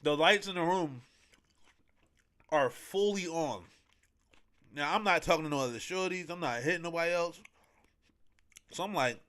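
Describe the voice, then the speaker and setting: A young man tells a story in loose, slang-filled talk, wandering and circling back with plenty of fillers. His voice sits a bit high and sounds bright and forceful. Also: moderate pace, long pauses. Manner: slangy, rambling, with many fillers. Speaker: podcast host. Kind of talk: casual storytelling.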